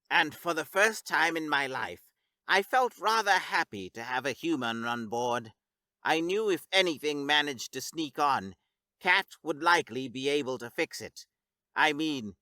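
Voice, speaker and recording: A man narrating a scripted science fiction story in a steady, even storytelling read. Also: a little high, dry recording.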